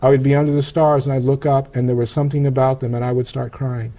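A man, an interview guest, telling a personal testimony in an earnest, halting way, often restarting his sentences. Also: medium pitch, flat delivery, warm tone.

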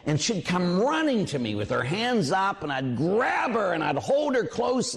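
A priest giving a sermon, telling a personal story with lively asides and acting out voices. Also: male voice, sits high, measured pace, gravelly, hardly any pauses. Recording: long hall reverb.

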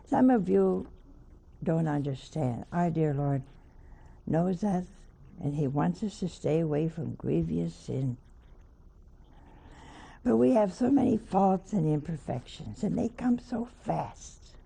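A woman's voice: low voice, lively intonation, slow, creaky, long pauses, warm tone, husky. An older woman, a nun, preaching a sermon by telling a homely story with wry asides.

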